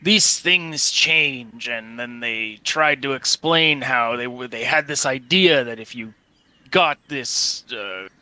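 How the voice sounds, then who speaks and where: A man voicing a weathered male mercenary in a tabletop role-play, talking in a halting, folksy way with many pauses. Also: medium pitch, sharp tone, no echo. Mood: musing. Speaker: game master voicing a character.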